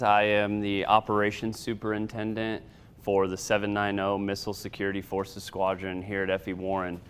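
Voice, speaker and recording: A man in his thirties, an Air Force sergeant, giving a personal testimony in a measured storytelling way with occasional fillers. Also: fairly low pitch, a bit bright, clean tone.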